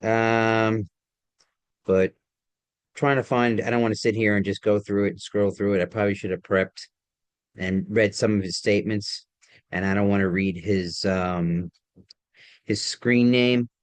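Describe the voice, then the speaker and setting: A tired man talking casually to camera, halting, with many ums and restarts. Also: on the low side, steady tone, dry recording. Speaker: vlogger.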